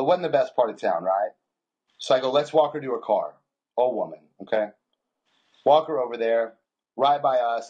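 A man's voice: mid-range voice, a little mellow. A man co-hosting a podcast, telling crude stories in casual chat, swearing freely and laughing often. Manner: crude, joking storyteller who swears a lot and laughs often. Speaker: podcast co-host.

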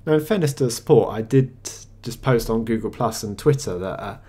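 A tech reviewer talks through a software screencast at his desktop computer mic, his husky mid-range voice full of lively intonation. He stays matter-of-fact and conversational, though he pauses and hesitates slightly here and there.

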